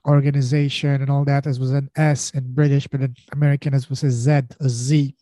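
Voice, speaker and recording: Man, forties, mellow voice, flat delivery, dry sound. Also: medium pitch, a little fast, no room sound. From France. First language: French. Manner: rambling, many restarts and fillers. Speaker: podcast guest. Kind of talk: casual conversation.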